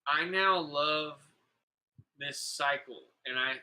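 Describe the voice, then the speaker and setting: A laid-back man talking casually on a podcast, his voice slightly high and very bright with a sharp edge. He rambles through stories, swears a lot and keeps saying "bro". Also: slow, poor audio. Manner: laid-back, profane, calls people "bro"; rambling, full of "like" and "you know". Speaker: podcast host. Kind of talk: casual storytelling chat.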